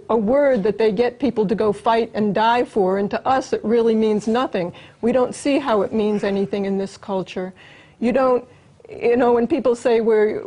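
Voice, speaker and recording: Female guest, earnest and explanatory, somewhat high voice. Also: mellow, low-quality recording. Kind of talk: interview.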